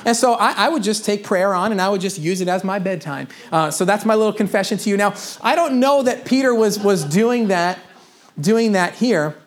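A man's voice: high voice, moderate pace. A young adult man preaching a sermon in a casual storytelling manner, with humorous asides and personal confessions. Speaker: pastor.

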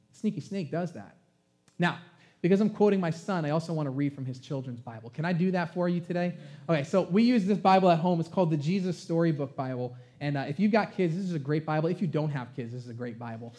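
A man's voice: fairly high pitch, lively intonation, fairly quick, warm tone. A man who is a pastor, preaching a sermon in an emphatic, conversational way and asking the congregation questions.

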